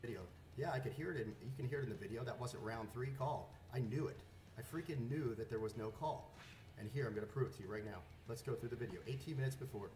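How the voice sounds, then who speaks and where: A man's voice: mid-range voice, fast talker, darkish tone. A man who races, insistently explaining a dispute straight to camera, sounding aggrieved. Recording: roomy clip with background noise.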